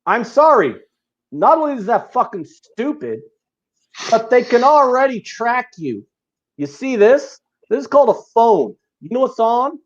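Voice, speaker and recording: A man co-hosting a casual podcast, ranting with heated profanity and shouting. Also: very high voice, big pitch swings, a little slow. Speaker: podcast co-host. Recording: muffled lo-fi audio.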